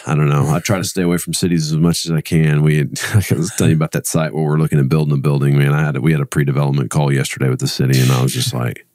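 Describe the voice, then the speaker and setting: A man's voice: extremely low pitch, flat delivery, very fast, few pauses, a little mellow, dry recording, studio quality. A man hosting a podcast, chatting casually and rambling with frequent restarts. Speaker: podcast host. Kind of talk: casual interview chat.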